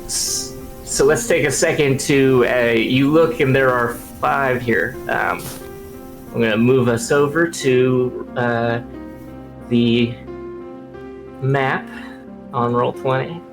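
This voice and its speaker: A man narrating as game master over a video call, relaxed and full of fillers. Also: medium pitch, takes it slowly, gravelly, long pauses, music in the background. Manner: relaxed, many fillers and restarts.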